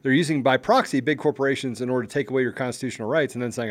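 A man's voice: medium pitch, very fast, few pauses. A man co-hosting a political podcast, talking with fervent, repetitive urgency that rises in intensity. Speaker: podcast co-host. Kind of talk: impassioned political commentary.

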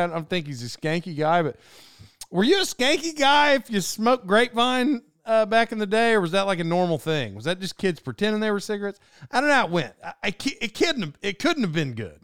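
A man's voice: high-pitched, fairly bright tone, clear, resonant tone, dry recording, clean studio sound. A man hosting a podcast in a casual monologue, rambling and cutting himself off, with frequent laughs. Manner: rambling and self-interrupting, laughs often. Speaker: podcast host.

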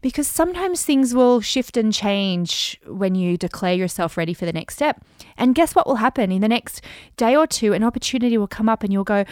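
A woman's voice: on the high side, expressive, dry recording. Upbeat woman podcast host, dry sound. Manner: upbeat, chatty, repeats affirmations slowly for emphasis. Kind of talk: casual motivational podcast talk.

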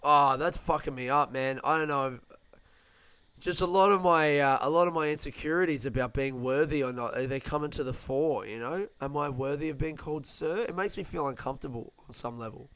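A young man talks through a loose, rambling podcast monologue, swearing freely and poking fun at himself. His voice sits a little high and sounds smooth and clear. The recording is close and dry. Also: a little fast, fairly bright tone, dry recording. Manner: rambling, self-deprecating, sweary. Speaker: podcast host, comedian. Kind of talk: casual monologue.

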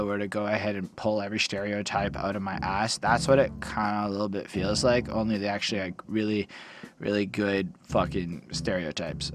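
A man's voice: lowish voice, moderate pace. A man casually reviewing rap songs, rambling and swearing loosely as he reads lyrics aloud. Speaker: music reviewer.

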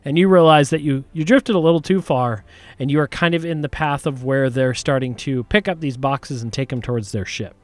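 A man narrating as game master, describing the scene in a relaxed, hedging way. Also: mid-range voice, brisk. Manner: relaxed, descriptive, many hedges.

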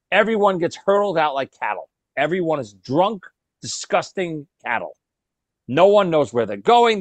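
A man telling a story to his friends in casual chat, animated, laughing often and repeating words. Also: a little high, dry recording.

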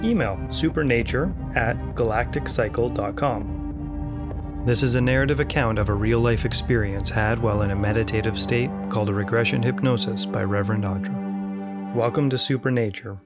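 A man hosting a podcast, reading a first-person account as scripted narration in a measured, plain storytelling manner. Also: mid-range voice, loud music behind the voice. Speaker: podcast host.

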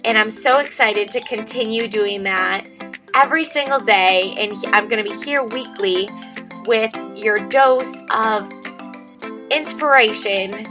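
A woman's voice: on the high side, measured pace, over music. A young adult woman hosting a podcast, talking in an upbeat, chatty way and repeating phrases for emphasis. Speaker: podcast host. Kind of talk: casual podcast chat.

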